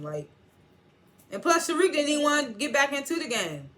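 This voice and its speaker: A woman's voice: high-pitched, big pitch swings, brisk, pauses often, a bit bright. A young adult woman chatting casually as she recaps a TV episode, retelling scenes in quoted snippets and speaking frankly. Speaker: TV episode reviewer.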